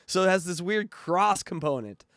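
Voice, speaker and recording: A man hosting a podcast, commenting on an old radio clip in a rambling, animated way, with swearing. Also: high voice, moderate pace, no echo, clean studio sound. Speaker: podcast host. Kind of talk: casual commentary.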